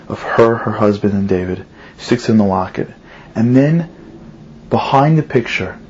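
A man's voice: fairly low pitch, a little mellow, slight background noise. A man giving a religious talk and telling a story, earnest, asking questions and lifting his voice for emphasis. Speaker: religious speaker. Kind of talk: sermon with storytelling. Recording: slightly muffled recording.

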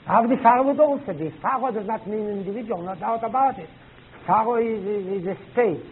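A man teaching a class, halting and searching for words, with emphatic rising questions to students. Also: high-pitched. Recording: tinny lo-fi old tape recording with faint hiss.

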